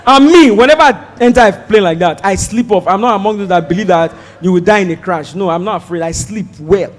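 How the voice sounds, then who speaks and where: A man's voice: sits high, a little fast, long reverb tail. A man with a Nigerian accent, telling a stand-up comedy story on stage and acting out the voices in it. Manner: animated, shouts and mimics voices while telling the story.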